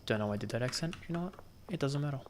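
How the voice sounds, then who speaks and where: A man's voice: medium pitch, lively intonation, very fast, background noise. A man giving gameplay commentary, thinking aloud and muttering counts to himself as he plays. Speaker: gaming channel host.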